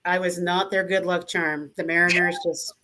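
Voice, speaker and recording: A woman co-hosting a live show over a video link, chatting warmly with frequent ums. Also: lowish voice, flat delivery, normal speed, a little hiss or hum. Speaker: district governor and co-host. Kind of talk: casual chat on a live show.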